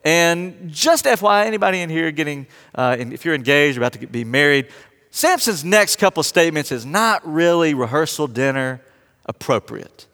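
A man preaching from the pulpit, high-pitched and animated as he retells an old story. He slips into little voices for each character and jokes with the congregation. His voice rings out with the long reverb of a large sanctuary. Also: moderate pace. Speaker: pastor. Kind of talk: sermon.

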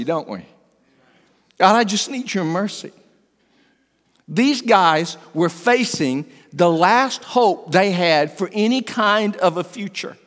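An older man, a pastor, preaching an earnest sermon that swings between emphatic and hushed. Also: high voice. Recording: long hall reverb.

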